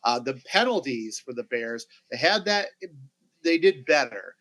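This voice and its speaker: A middle-aged man co-hosting a sports podcast, talking casually and haltingly with many fillers and restarts. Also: mid-range voice, animated, fairly bright tone, poor audio. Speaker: podcast co-host.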